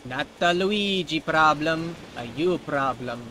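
A man's voice: a little high, slow pace, pushed and bright, slight background noise, poor audio. A man hosting a let's play, giving casual gameplay commentary with sarcastic jokes aimed at the game. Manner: sarcastic and jokey, talks back to the game.

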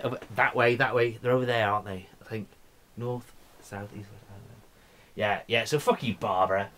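A man ranting on his vlog in a loose, rambling way, cursing constantly and trailing off into mumbles. His voice sits at an ordinary middle pitch. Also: a bit bright. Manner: profane, rambling, slurring and mumbling. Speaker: vlogger. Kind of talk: drunken rambling vlog rant.

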